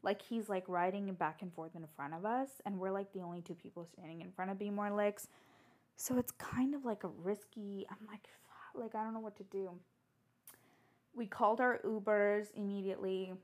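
A young woman telling a story in casual, chatty fashion, animated and full of fillers and restarts. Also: medium pitch, normal speed.

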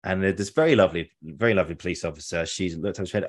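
A man's voice: deep voice, rapid-fire. A young adult man in casual chat, telling a long story with restarts and laughs.

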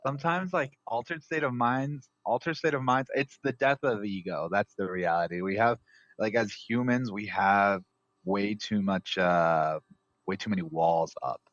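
A man's voice: fairly low pitch, unhurried, fairly bright tone, no room sound. A man co-hosting a podcast in casual banter, rambling with lots of filler words and swearing. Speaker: podcast co-host. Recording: dull lo-fi dry sound.

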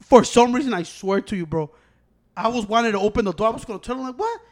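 A man talks on a casual podcast. He tells his stories in a rush of profanity and jumps to loud, heated shouts. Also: high-pitched, fast. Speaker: podcast co-host. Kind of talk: casual chat, storytelling.

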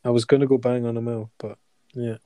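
A man's voice: mid-range voice, flat delivery, quick pace, no room sound, lo-fi sound. A man co-hosting a casual podcast chat, laid-back and chipping in comments. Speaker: podcast co-host.

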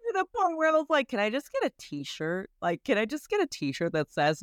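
Brisk and a little high, her clean-toned voice swings hugely in pitch as this woman in her thirties chats on a podcast. She's casual and animated, laughing a lot and voicing her own inner thoughts. The recording is dry, clean studio sound.

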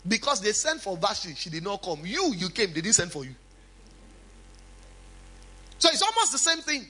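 A man's voice: high-pitched, sing-song, moderate pace, sharp tone, breathy edge. A male pastor preaching a sermon, with emphatic swings and chatty asides to the congregation.

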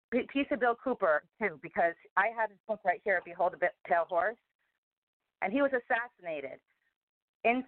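Speaking in a lowish voice, a female talk show guest wanders through a casual conversation, emphatic and packed with fillers. The audio is tinny and dry like a phone line, without echo.

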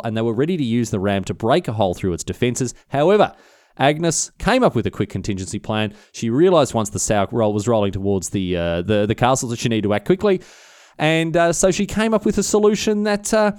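A man's voice: medium pitch, darkish tone, no echo, clean studio sound. Irreverent man telling history. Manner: irreverent, slangy, with many restarts. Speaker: podcast host. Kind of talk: comedic history storytelling.

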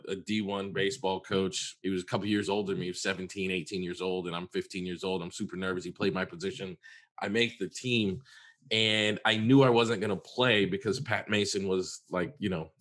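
A man's voice: deep voice, fairly bright tone. A man, a therapist co-hosting a podcast, telling a personal story in an earnest, conversational way and repeating words for emphasis.

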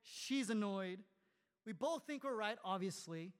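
A man preaching a sermon as a pastor, conversational and animated, full of rhetorical questions. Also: high voice, unhurried, smooth, big-room sound.

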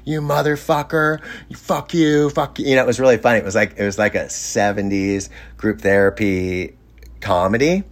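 A middle-aged man with a fairly low voice tells a long anecdote in a loose, conversational way. He restarts his sentences and trails into fillers, sounding amused by his own story. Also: a bit bright. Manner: rambling, self-interrupting, amused. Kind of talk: casual anecdote.

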